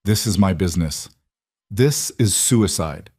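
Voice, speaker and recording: A man's voice: low voice, lively intonation, measured pace, darkish tone, husky, dry recording, clean studio sound, full character voice. A man voicing a tense, bitter mafia boss in an audio crime story, speaking in terse lines.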